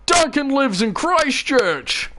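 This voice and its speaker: A man voicing an angry young man who storms into a courtroom, shouting high-pitched outbursts. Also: sing-song, takes it slowly, noisy background, full character voice. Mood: indignant, shouting.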